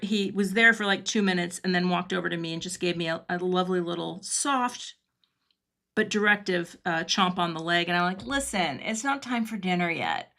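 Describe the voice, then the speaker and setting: A woman's voice: lowish voice, creaky, pushed and bright. A middle-aged woman hosting a casual card-making livestream from her home craft studio, thinking aloud as she works and answering viewer comments.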